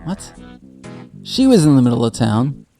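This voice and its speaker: A man's voice: mid-range voice, big pitch swings, moderate pace, mellow, soft background music. A man giving casual, joking commentary while playing a game, rambling and laughing often. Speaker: gaming streamer.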